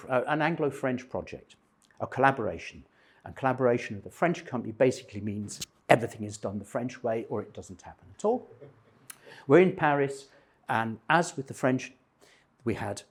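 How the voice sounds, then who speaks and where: Retired man in his sixties, slightly husky, spins wry personal stories for a friendly crowd. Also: medium pitch, a little mellow. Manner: self-deprecating, humorous anecdotes. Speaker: speaker at a men's breakfast.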